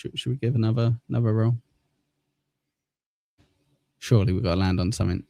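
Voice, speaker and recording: English man with a Manchester accent, stream host, low mellow voice, close and dry, casual and sweary. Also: brisk, gravelly, dry recording. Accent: Mancunian. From southern England. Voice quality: swears often, laughs at himself. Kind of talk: casual live-stream chat.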